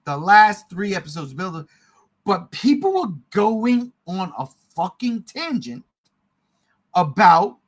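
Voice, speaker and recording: A middle-aged man co-hosting a casual podcast, ranting in a heated, profane way and often shouting. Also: high-pitched, sing-song, takes it slowly, poor audio. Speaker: podcast co-host.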